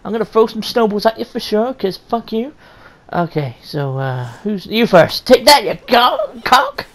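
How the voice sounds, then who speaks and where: A woman's voice: fairly high pitch, sing-song, normal speed. A woman playing a story game on a stream, swearing constantly in brash, jokey commentary. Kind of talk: profane casual gameplay commentary.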